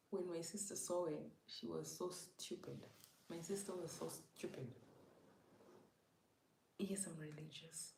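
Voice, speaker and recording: Speaking in a lowish, dark-toned voice, a livestream host tells her chat a loose, rambling story, frequently half-whispering and leaning on filler words. The room echoes, with faint noise in the background.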